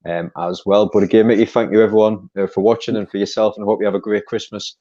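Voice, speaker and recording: Upbeat North East English host, quick and low, dark tone, muffled recording. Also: male voice, level tone. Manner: upbeat, chatty sign-off. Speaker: channel host, interviewer. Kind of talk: casual interview chat. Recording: dull lo-fi audio.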